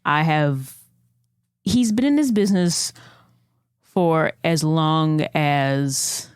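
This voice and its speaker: A woman playing her character in a tabletop game, talking in a halting, giggly but protective way. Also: low voice, clear, resonant tone, dry recording, studio quality. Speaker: player. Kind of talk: in-character tabletop role-play.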